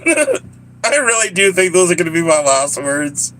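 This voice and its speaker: A man's voice: high-pitched, very animated, unhurried, fairly bright tone, slight background noise. A man with a Southern US accent chatting casually on a live stream, joking and laughing often as he rambles to his viewers.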